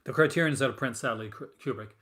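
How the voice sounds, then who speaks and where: A man's voice: mid-range voice, rapid-fire, a bit bright. A man hosting a casual stream, rambling and full of fillers and restarts as he chats with viewers. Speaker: host of a horror film collecting show. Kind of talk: casual live-stream chat.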